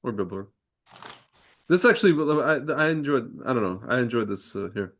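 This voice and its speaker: A male podcast host chats loosely and eagerly, searching for words. His voice is husky and swings up and down a lot. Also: medium pitch, lively intonation, moderate pace. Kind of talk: casual chat.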